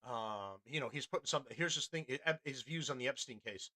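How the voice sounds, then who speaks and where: A male podcast host talks in a loose, rambling way, full of restarts and blunt profanity. His voice has a bright, forward edge. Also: mid-range voice, expressive, moderate pace, hardly any pauses. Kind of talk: casual commentary on a news clip.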